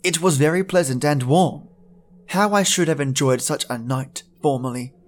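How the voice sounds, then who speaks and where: A man with a voice pitched somewhat high reads a classic horror tale aloud for a podcast. He performs the first-person diary with a theatrical, tormented manner. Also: moderate pace. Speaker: podcast narrator. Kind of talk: dramatic storybook reading.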